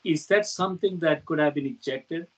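A man's voice: fairly high pitch, moderate pace, breathy edge. A man interviewing a scientist, asking casual, tentative questions with fillers.

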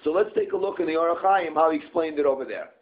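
A man's voice: on the high side, fast talker. Man teaching Torah text over tinny audio. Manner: reads Hebrew text then translates phrase by phrase. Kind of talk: text study lesson. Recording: tinny phone-like sound.

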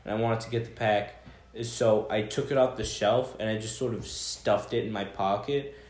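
A man's voice: lowish voice, steady tone, moderate pace, a little mellow. A young man co-hosting a podcast, telling rambling stories and swearing a lot in casual chat. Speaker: podcast co-host. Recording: echoey room.

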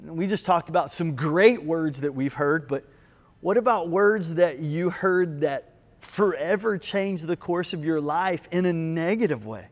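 Slow, deliberate preaching man. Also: fairly high pitch. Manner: storytelling, shifts between slow emphatic lines and quick asides. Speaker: pastor. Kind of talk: sermon. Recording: long hall reverb.

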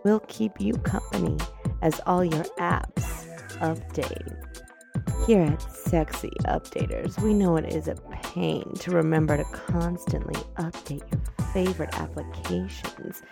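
A woman voicing a sultry saleswoman in a comedy fake ad, talking low and slow with a seductive purr. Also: expressive, vocal fry, over music, full character voice. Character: sultry woman pitching a fake phone service.

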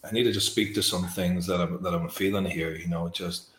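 Deep-voiced reflective New man. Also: fairly even intonation, echoey room, noisy background. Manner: slow, soft and emotionally reflective. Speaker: host. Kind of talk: reflective interview talk.

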